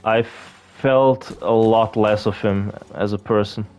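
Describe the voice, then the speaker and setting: A man's voice: lowish voice, steady tone, takes it slowly, a little mellow. A man chatting casually while he plays a video game, rambling and swearing with lots of fillers and restarts. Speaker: gaming video creator. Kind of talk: casual gameplay commentary.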